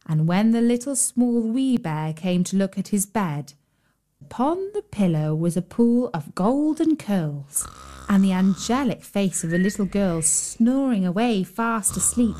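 A woman narrating a children's fairy tale in a gentle, measured storytelling voice. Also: medium pitch, lively intonation. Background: faint fiddle music.

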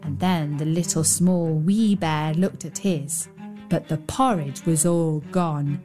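A woman narrating a children's fairy tale in a gentle, measured storytelling voice. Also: sits low. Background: faint fiddle music.

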